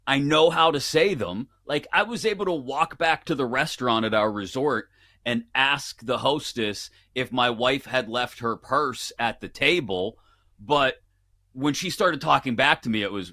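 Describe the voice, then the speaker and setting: A man, a guest on a casual sports betting show, telling playful animated stories. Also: medium pitch, a little slow.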